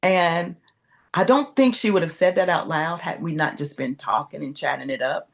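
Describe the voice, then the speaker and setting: Animated woman guest in her fifties. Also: deep voice, moderate pace, creaky. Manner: animated, acts out quoted dialogue. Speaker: guest entrepreneur. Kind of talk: personal storytelling.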